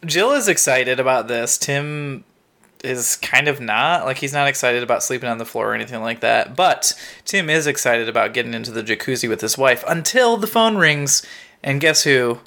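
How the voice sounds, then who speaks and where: A male podcast co-host casually recapping a TV plot, stepping through events one by one with light laughter. His voice is bright and forceful at a middle pitch for a man. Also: animated, moderate pace, vocal fry.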